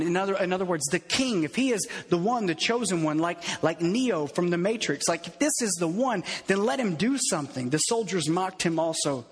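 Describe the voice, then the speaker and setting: A husky, fairly high-pitched man preaches with earnest repetition. His voice rings out with a long reverb through a church hall. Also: lively intonation, brisk, hardly any pauses. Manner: earnest, repeats phrases for emphasis. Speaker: pastor. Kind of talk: sermon.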